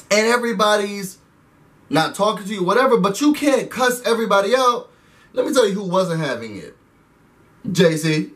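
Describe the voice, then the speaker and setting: A man hosting a casual reality show recap, animated and slangy, laughing often. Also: high voice, far from the mic.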